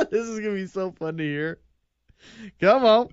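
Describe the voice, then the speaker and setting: High-voiced exasperated male co-host. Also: expressive, measured pace, clear, resonant tone, no room sound, lo-fi sound. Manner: exasperated, sarcastic reactions with swearing. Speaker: podcast co-host. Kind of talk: casual comedic podcast chat.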